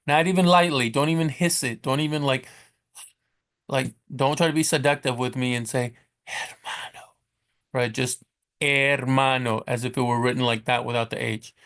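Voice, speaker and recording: An American man teaching Spanish in a casual, rambling way, full of fillers and restarts, drawing out example words slowly. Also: medium pitch, steady tone, a bit bright. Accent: American English. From United States. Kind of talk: casual spoken lesson.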